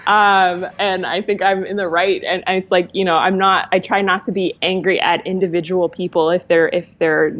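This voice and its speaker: A woman's voice: fairly low pitch, steady tone, a little fast, hardly any pauses, lo-fi sound. A woman guest talking candidly in a casual conversation, laughing often and shifting her pace. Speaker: podcast guest.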